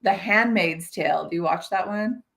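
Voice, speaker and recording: A woman's voice: fairly low pitch, moderate pace, creaky, a bit bright. Chatty Albertan Canadian woman. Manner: chatty, laughs easily, trailing "so". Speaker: morning show co-host. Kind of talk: casual chat.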